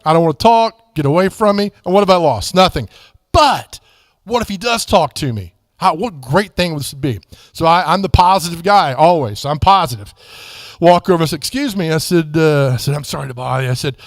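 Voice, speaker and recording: A man's voice: a little high, no echo, studio quality. Middle-aged man telling stories. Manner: conversational, many asides and restarts. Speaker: guest speaker at church. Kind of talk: storytelling testimony.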